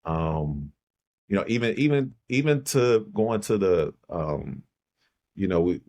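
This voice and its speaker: A middle-aged man from Chicago, a poet and podcast guest, tells a personal story in a reflective, halting way and repeats phrases for emphasis. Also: low voice, expressive, darkish tone.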